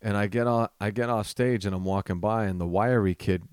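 On his own podcast, a man in his thirties tells a story in a lowish, darkish, smooth voice. His delivery is loose, rambling and full of swearing, and he often restarts sentences, keeping a steady tone at a slightly fast clip. The recording is dry and close, with no room sound at all.

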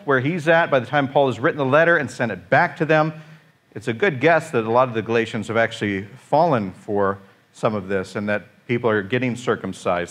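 A pastor gives a loose, conversational sermon with a mid-range voice. He slips in dry jokes, stumbles over fillers and circles back to his point. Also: medium pitch. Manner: informal, joking, with many fillers and restarts.

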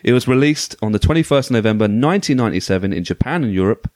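A man's voice: fairly low pitch, lively intonation, quick pace, a little mellow, no echo. A man hosting a casual podcast chat about retro video games, talking with enthusiasm and frequent restarts. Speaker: podcast host.

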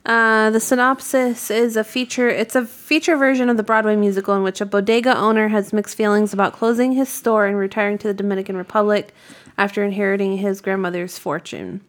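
Woman podcast co-host, dry and relaxed. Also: mid-range voice, a little fast. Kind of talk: casual chat.

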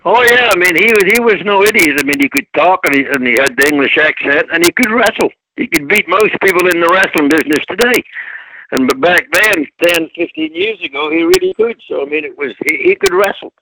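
A man's voice: sits high, sing-song, a little fast, vocal fry, sharp tone, dry recording, rough recording. Folksy storytelling man. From Scotland. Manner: folksy, plainspoken, anecdotal. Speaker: guest, former wrestler. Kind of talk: casual storytelling interview.

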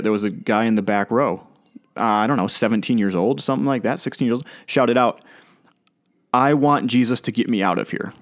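Earnest conversational male preacher. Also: medium pitch. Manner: conversational, earnest, with light laughs. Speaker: pastor. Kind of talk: sermon.

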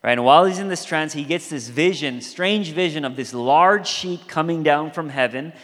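A man's voice: on the high side, moderate pace, fairly bright tone. A male pastor delivering a sermon in a conversational, storytelling way. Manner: conversational storytelling, acts out quoted voices. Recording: long hall reverb.

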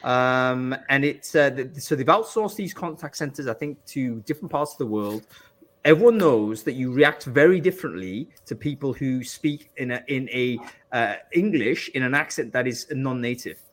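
A man hosting a live podcast, chatty and animated, asking guests about their experiences. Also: mid-range voice, normal speed. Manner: chatty, lots of fillers and restarts, animated. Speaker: podcast host.

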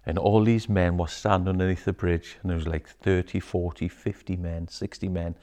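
Male storyteller, very low voice, casual, swears a lot, whispers the quotes. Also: little pitch movement, normal speed. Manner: swears freely, hushed whispers when quoting others. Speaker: guest telling a personal story.

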